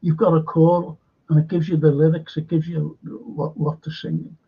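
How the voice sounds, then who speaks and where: A man in a rambling, opinionated monologue, halting and repeating words, with a sarcastic edge. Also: a little high, level tone, gravelly, husky, narrow, tinny audio.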